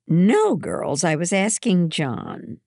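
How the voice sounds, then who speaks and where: A woman reading aloud and voicing a brisk, polite but firm middle-aged housekeeper in a storybook. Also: on the low side, big pitch swings, a little mellow, slightly rough, dry recording, clean studio sound, full character voice.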